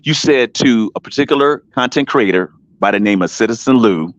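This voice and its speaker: Here a man with a mid-range voice speaks briskly and with animation, spinning a lengthy tale marked by emphasis, restarts and names said over and over. It's relaxed live-stream panel chatter, captured dry and dull with lo-fi sound and no echo.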